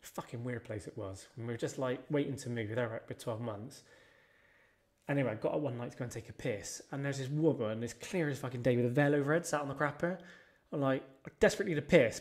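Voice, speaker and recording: A man talks as a podcast guest, retelling personal stories in a loose, casual way. He is blunt and swears freely, with lively shifts in his telling. His voice sits at an ordinary middle pitch for a man. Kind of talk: casual storytelling chat.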